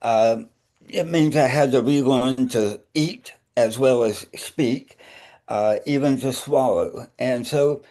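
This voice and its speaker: Older man, slight speech impediment, wry deadpan storyteller, minister guest. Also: mid-range voice, slow pace. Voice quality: slight speech impediment after tongue surgery.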